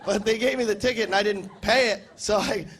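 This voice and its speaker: An American man performing a stand-up comedy set, sarcastic and deadpan, mock-outraged when quoting people. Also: high voice, fairly quick, slight background noise. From United States. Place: large comedy festival stage with cheering audience.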